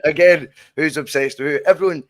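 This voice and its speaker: A man's voice: on the high side, a little fast, dry recording, clean studio sound. A man hosting a casual podcast over a video call, chatty and matey as he plugs the channel. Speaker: podcast host.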